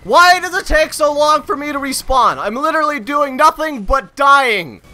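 A man giving live gameplay commentary, frustrated and ranting, sometimes breaking into loud shouts. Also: very high-pitched, expressive, moderate pace. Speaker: gamer recording gameplay commentary.

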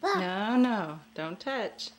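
A woman at home talking slowly and playfully to a toddler while filming with a handheld camera, coaxing and sing-song. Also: mid-range voice, sing-song.

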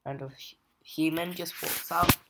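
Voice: medium pitch, fairly even intonation, measured pace, vocal fry, very noisy. A young adult comic book reviewer giving a casual, hesitant plot recap full of fillers. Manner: hesitant, many fillers and "just like".

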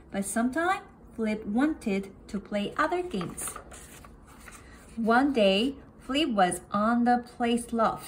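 A woman reading a children's picture book aloud with slow, careful pacing. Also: a little high, slight background noise. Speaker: storybook reader.

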